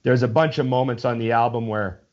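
A man's voice: medium pitch, a little fast, darkish tone, muffled recording. A man in casual chat, rambling with enthusiasm and swearing freely as he talks.

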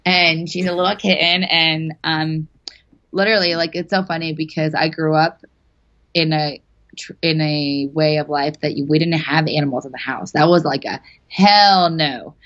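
A woman's voice: low-pitched, steady tone, moderate pace, fairly bright tone. A young adult woman chatting casually as a podcast guest, laughing often and swearing freely. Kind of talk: casual chat. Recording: dull lo-fi sound.

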